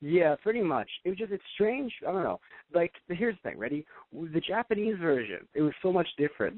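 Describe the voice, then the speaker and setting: A young man hosting a casual review chat, rambling and animated. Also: on the high side, dry recording. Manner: animated, rambling, slips into mocking impressions. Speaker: podcast host. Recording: dry, tinny phone-like sound.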